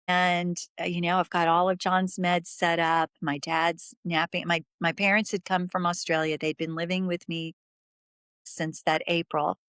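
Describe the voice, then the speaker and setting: A middle-aged woman as an interview guest, telling a personal story in an earnest, halting way that drops to a whisper at its hardest points. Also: fairly low pitch, a bit bright, smooth, dry recording, clean studio sound.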